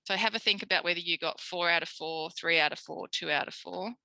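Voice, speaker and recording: Bright-voiced Australian woman lecturing. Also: on the low side, brisk, vocal fry, no room sound, poor audio. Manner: animated, acts out quoted voices. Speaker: speech pathologist lecturer. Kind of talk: recorded tutorial lecture.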